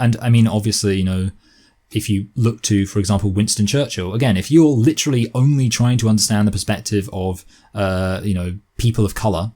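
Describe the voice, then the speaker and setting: A young man with a posh southern English accent rambles through an argumentative opinion monologue, frequently correcting himself. His voice sits fairly low in pitch and sounds a little mellow.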